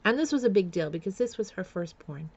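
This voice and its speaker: A woman telling a personal story on a vlog in a halting way, with many fillers and restarts, sometimes close to tears. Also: mid-range voice, animated, a little mellow, muffled recording. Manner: emotional, close to tears at times. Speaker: vlogger.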